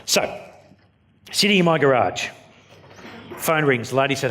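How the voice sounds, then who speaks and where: An Australian man telling stories from the stage in a keynote talk. His voice sits at a middle pitch, and his delivery is blunt and jokey, with plenty of loose asides. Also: animated, measured pace, fairly bright tone. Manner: jokey, blunt, story-driven. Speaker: keynote speaker. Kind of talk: storytelling keynote speech.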